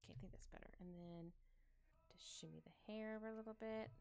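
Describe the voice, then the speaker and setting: A woman's voice: medium pitch, steady tone, fast, creaky, a little mellow. A woman streamer chatting casually while she draws, thinking aloud and humming to herself. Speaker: streamer drawing live. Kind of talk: casual chat while drawing. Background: faint background music.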